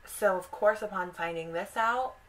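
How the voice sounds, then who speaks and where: A woman's voice: mid-range voice, normal speed, poor audio. A young woman hosting a casual vlog, animatedly retelling a story and slipping into the characters' voices. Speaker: video host.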